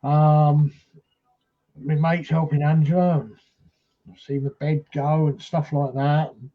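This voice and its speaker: High-voiced man telling ghost stories. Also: level tone, slow pace, phone-quality sound. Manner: rambling, anecdotal, full of fillers and restarts. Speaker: paranormal investigator. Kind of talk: casual storytelling on a live stream.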